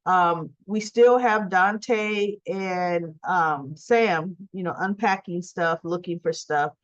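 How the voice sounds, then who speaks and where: A woman's voice: lowish voice, takes it slowly, dry recording. Chatty woman recapping a soap episode. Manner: retells scenes, acting out characters' lines. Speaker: soap opera recap vlogger. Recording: dry, slightly dull recording.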